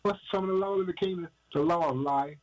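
A man's voice: sits high, quick pace, low-quality recording. A man preaching an informal sermon, asking and answering his own questions in an emphatic, repetitive cadence and often calling the listener "man".

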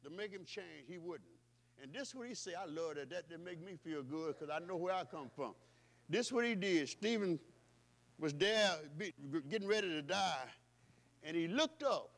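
A male pastor preaching in a high, ringing voice. He repeats his phrases in rhythmic waves, rising to loud calls and dropping to hushed, intimate passages, with call-and-response energy. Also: lively intonation, normal speed, gravelly. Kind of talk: sermon.

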